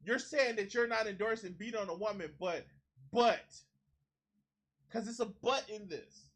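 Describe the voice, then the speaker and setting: Indignant, bright-voiced man ranting. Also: high voice, unhurried. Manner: indignant, profane, mocking. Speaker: streamer reacting to a clip. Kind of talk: heated reaction commentary.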